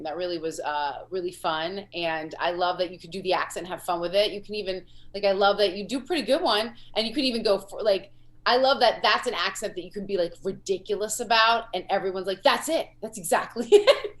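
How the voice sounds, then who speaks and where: A woman's voice: medium pitch, a little fast. Woman host giving encouraging feedback. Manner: warm praise, rambling with fillers and restarts. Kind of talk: encouraging comedy feedback over a video call. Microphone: video call.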